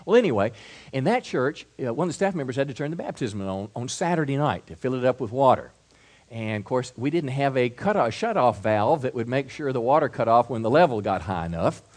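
A middle-aged pastor delivers a sermon from the pulpit. His voice sits at an ordinary male pitch, and he often restarts, repeating words on the way into a question. He drops to soft, low asides, then builds to loud, emphatic stretches. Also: big pitch swings, brisk. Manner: varies loudness widely, soft asides to loud build-ups.

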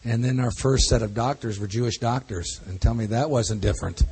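Husky, folksy man preaching. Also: medium pitch, brisk, darkish tone. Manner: folksy, jokey storytelling with laughs. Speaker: pastor. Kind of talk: church talk to a congregation.

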